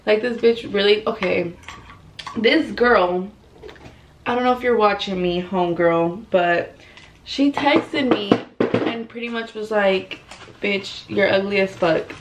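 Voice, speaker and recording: A woman's voice: medium pitch, takes it slowly, pauses often, a little hiss or hum, poor audio. A young woman chatting bluntly during a makeup routine, swearing and saying "like" constantly, filmed by a camera in her bedroom. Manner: chatty and blunt, swears a lot, heavy use of "like". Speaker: beauty vlogger. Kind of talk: casual get-ready-with-me chat.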